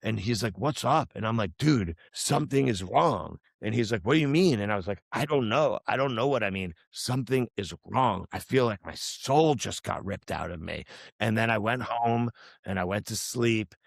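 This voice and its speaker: Low-voiced man telling a rambling story. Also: animated, normal speed, vocal fry, dry recording. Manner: rambling, many restarts and fillers; earnest, reflective. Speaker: podcast guest, musician. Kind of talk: casual storytelling chat.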